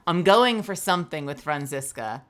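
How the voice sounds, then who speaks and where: A woman's voice: fairly low pitch, fairly bright tone. A tired woman streamer chatting casually with viewers. She rambles and giggles, often stopping and restarting her sentences.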